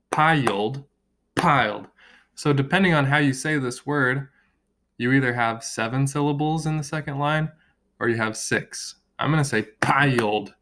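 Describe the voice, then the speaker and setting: A young man teaching a recorded lesson to children, explaining patiently and slowly drawing out words to count their beats. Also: mid-range voice, fairly bright tone. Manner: slow, drawn-out word clapping and counting; friendly, patient classroom explaining.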